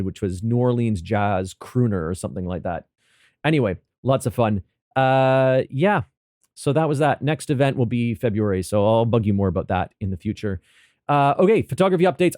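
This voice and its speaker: A man's voice: medium pitch, mellow, no room sound, studio quality. A middle-aged man giving a casual, rambling update monologue with many restarts.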